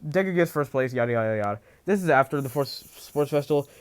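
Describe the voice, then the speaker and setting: A man's voice: mid-range voice, expressive, fast talker, clear, resonant tone. A man casually telling a fan fiction story, rambling with many restarts and filler phrases. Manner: rambling, full of "you know" and restarts.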